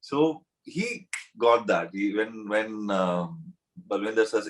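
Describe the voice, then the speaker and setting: A middle-aged man with a South Indian English accent tells his story in an easygoing, rambling way. His voice sits low, and he keeps backing up to restart his sentences, with lots of fillers along the way. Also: animated, slow pace. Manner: rambling, many fillers and restarts, switches into Hindi phrases. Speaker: interviewed actor. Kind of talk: casual interview answers.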